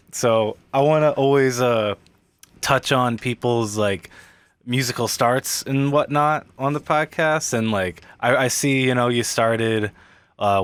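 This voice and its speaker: A man's voice: medium pitch, clear, resonant tone, no room sound. An American man hosting a podcast in casual chat, enthusiastic and swearing freely, with a lot of filler words. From United States. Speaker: podcast host.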